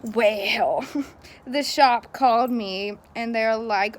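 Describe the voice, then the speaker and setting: A woman's voice: on the high side, takes it slowly. A young woman telling a story in a casual vlog, chatty and frustrated, laughing often, filming on a phone outdoors in the cold. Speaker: vlogger.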